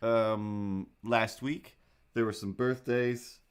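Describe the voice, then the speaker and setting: A young man with a lowish voice rambles through casual livestream chat, cracking self-deprecating jokes as he fiddles with his setup. He talks in a loose, unscripted way, full of asides. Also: fairly even intonation, takes it slowly, clear, resonant tone. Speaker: livestream host. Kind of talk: casual chat while setting up a drawing stream.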